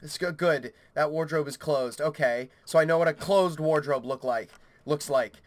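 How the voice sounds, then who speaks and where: A young gaming YouTuber with a slightly high voice narrates a horror game at normal speed, panicky, swearing and rambling to himself. His keyboard clicks faintly into a desk mic, with no room sound.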